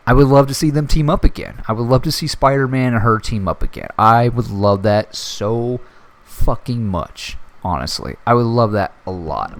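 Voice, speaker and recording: A young man giving a casual solo movie reaction, excited and rambling, swearing often. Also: on the low side. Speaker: movie review vlogger.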